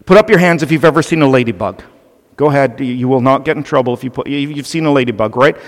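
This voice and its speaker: Animated pastor preaching in a reverberant hall. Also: male voice, medium pitch, fast. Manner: earnest and animated, with playful asides to the children. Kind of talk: sermon. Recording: long reverb of a large hall.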